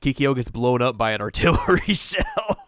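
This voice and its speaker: A young man co-hosting a podcast, recapping an episode in a jokey, deadpan casual chat. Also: medium pitch, normal speed, no echo. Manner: jokey, deadpan, acts out lines. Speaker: podcast co-host.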